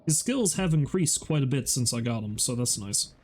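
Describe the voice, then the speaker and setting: A man's voice: medium pitch, animated, moderate pace, a little mellow. Profane, self-mocking male game streamer. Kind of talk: casual gameplay commentary.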